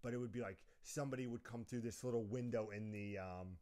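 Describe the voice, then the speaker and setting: A young man telling lively stories in a casual chat, often laughing mid-sentence. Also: medium pitch, quick pace. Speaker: podcast co-host.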